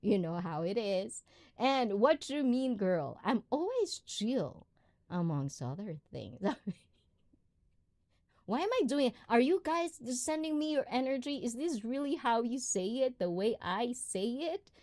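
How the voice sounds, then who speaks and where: A woman's voice: a little high, very animated, takes it slowly, a little mellow. A woman hosting a casual live stream, greeting viewers and reading their comments in a chatty, giggly way. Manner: chatty and giggly, often trailing into laughter. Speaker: livestream host.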